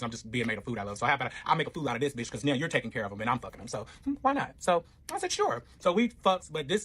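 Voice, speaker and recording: A man's voice: a little high, sharp tone, slightly rough. A man telling his own relationship story in a casual storytime, profane and rambling, with lots of filler and quoted back-and-forth.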